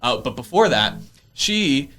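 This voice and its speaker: A man's voice: medium pitch, sing-song, unhurried, pushed and bright. A man in his early twenties, a real estate investor, chatting casually on a podcast, laughing often and using lots of fillers. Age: early 20s. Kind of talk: casual storytelling interview. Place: podcast studio.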